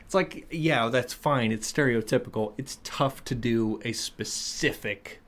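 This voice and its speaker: A man's voice: medium pitch, a bit bright. A man with a Midwestern American accent co-hosting a podcast, playful and bantering in casual studio chat. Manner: playful, quick banter, laughing. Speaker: podcast co-host.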